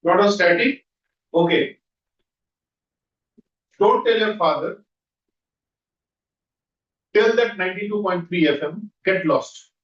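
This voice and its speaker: A man leading a guided visualization exercise as a trainer, coaching with quick repeated questions. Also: high-pitched, a bit bright. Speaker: NLP trainer. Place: training room. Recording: dull echoey room audio from far off.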